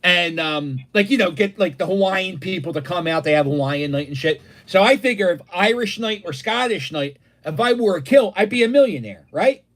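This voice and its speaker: A man's voice: high-pitched, expressive, moderate pace, hardly any pauses, fairly bright tone. A man hosting a casual live stream from his dining room, brash and crude, joking as he talks. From Philadelphia, USA. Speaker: livestream host. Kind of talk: casual chat.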